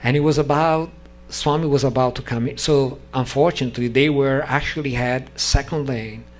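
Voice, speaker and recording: A man, not a native English speaker, telling a personal story at a devotional gathering, halting and restarting sentences and acting out the dialogue. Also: mid-range voice. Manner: animated, acts out dialogue in story.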